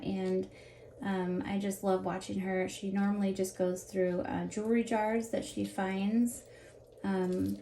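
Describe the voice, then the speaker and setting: Woman, 30s, rambling chatty vlogger with a gravelly edge, recorded in an echoey room with faint background hum. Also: medium pitch, mellow. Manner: chatty, rambling, jumps between topics. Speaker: jewelry unboxing vlogger. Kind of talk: casual chat while unboxing. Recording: roomy echo with faint ambience.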